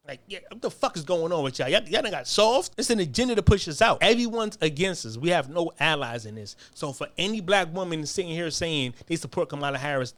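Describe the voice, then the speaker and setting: A man's voice: on the high side, fairly bright tone, no echo. An American man delivering a heated, profane monologue, hammering his points with repeated phrases. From United States. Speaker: commentator.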